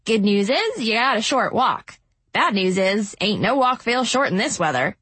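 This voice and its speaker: Brief: woman voicing a shrewd street woman for an audiobook, slow husky drawl, haggling and chiding, close dry mic. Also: medium pitch, big pitch swings, fairly bright tone, no room sound. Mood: wheedling. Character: scheming older homeless street woman, cunning and cackling. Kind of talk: audiobook narration.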